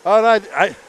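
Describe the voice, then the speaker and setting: A man calling a live RC car race as announcer, excitable and often laughing between calls. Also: high voice, creaky, slight background noise.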